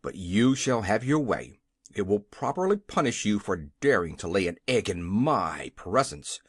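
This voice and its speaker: A reader voicing a short-tempered gnome king in a storybook who blusters, shouts and growls. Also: low voice, sing-song, unhurried, husky, dry recording, clean studio sound, voice pushed down, heavily acted. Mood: blustering. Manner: blustering, easily startled.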